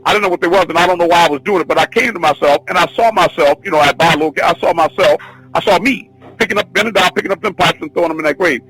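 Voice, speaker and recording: High, bright, husky man telling a story. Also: rapid-fire, soft background music, rough recording. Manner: excitable, repetitive, restarts often. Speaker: teacher of a spiritual class. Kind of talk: rambling spoken testimony.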